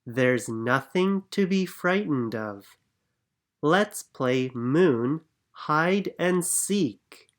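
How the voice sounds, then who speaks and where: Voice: mid-range voice, lively intonation, very slow. A reader doing a kind little alien. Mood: reassuring. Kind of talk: storybook reading.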